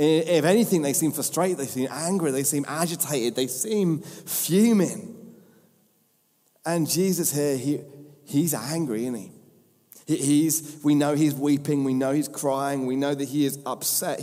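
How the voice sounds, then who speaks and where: A man's voice: on the high side, warm tone. A man preaching a sermon with impassioned, repeated emphatic phrases. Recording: long hall reverb.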